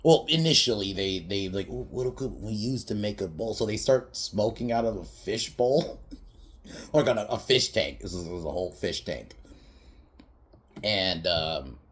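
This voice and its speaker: A man's voice: on the low side, expressive, unhurried, fairly bright tone. A man casually recapping a comedy movie on a podcast, rambling, swearing and laughing as he goes. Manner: rambling, laughs often, swears, quotes scenes in mocking voices. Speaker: podcast host reviewing a movie.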